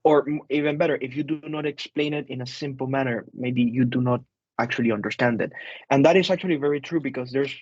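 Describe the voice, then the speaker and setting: A man's voice: medium pitch, fast, a little mellow, no echo, muffled recording. A man, an instructor, leading a casual group discussion over a video call, chatty, with fillers and repeated phrases.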